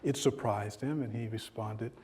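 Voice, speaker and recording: A man at a lecture room podium, delivering a keynote with humor. He slips into a storyteller's voice with lifted pitch to act out dialogue. His relaxed, self-mocking delivery is dotted with fillers. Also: normal speed, slight background noise. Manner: animated, acts out dialogue in a story with rising pitch. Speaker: keynote speaker.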